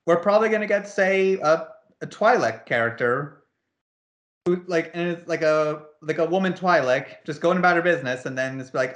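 A man co-hosting a casual gaming podcast, ranting in an animated, exasperated way and leaning on "like" a lot. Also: fairly high pitch, moderate pace. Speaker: podcast co-host.

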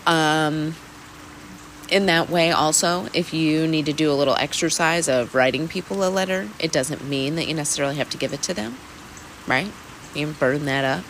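Chill mindfulness vlogger, mid pitch, talks candid and loose with some swearing, soft rain noise. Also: poor audio. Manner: candid, laughing, swears casually. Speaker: weekly mindfulness host. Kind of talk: casual reflective self-help talk.

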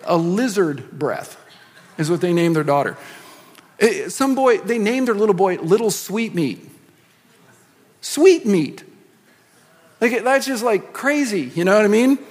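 A man's voice: sits high, lively intonation, unhurried, pauses often, darkish tone. A middle-aged man preaching a sermon as pastor, talking in a loose, joking way with many asides. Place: large church hall. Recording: long hall reverb.

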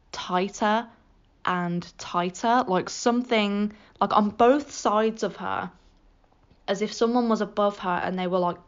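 A British woman spins spooky family tales in a loose, chatty podcast style. She talks in a lively, animated way, restarting phrases and correcting herself as she goes. Her voice sits at a middling pitch, and the recording is a little muffled and lo-fi. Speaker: podcast host. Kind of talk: casual spooky storytelling.

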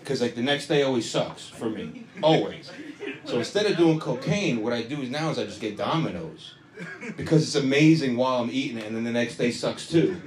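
A young stand-up comedian does a loose, profane set, riffing with the crowd. His medium-pitched voice is expressive and fairly quick, recorded from afar in an echoey room.

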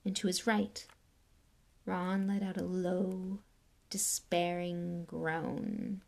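A woman's voice: on the low side, fairly even intonation, very slow, gravelly, darkish tone. Woman reading a story aloud dramatically. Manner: dramatic, drops to whispers at tense moments. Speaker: narrator. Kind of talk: audiobook reading.

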